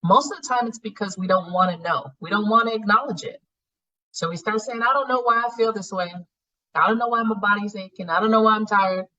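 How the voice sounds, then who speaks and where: A woman facilitating a spiritual healing class, coaching her students in a blunt, profane, animated way and laughing often. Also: mid-range voice, a little fast, distant mic, lo-fi sound. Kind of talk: live online class teaching.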